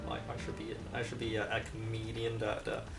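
A man's voice: lowish voice, completely flat delivery, a little fast, vocal fry, recorded from a distance, over loud music. Casual let's-play guy, rambling jokey asides, sits back from the mic. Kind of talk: casual gameplay commentary.

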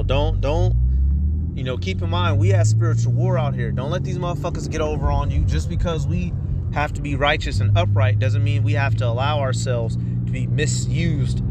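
A man giving an informal, profane religious teaching from inside a car, blunt and halting, often stumbling over his words. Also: medium pitch, very noisy. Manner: blunt and profane, with street slang. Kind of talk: informal preaching monologue.

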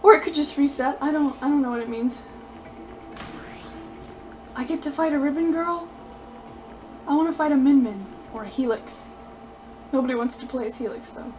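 A woman giving live gameplay commentary, excitable and loudly pleading and cheering at the game as she plays. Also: high voice, normal speed, long pauses, a little hiss or hum. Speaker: gaming video creator.

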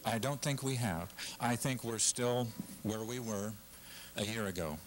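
A man's voice: medium pitch, measured pace, a little hiss or hum, poor audio. A middle-aged man giving an emphatic, passionate speech at a civic forum, often repeating himself. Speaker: guest speaker. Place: lecture hall with audience.

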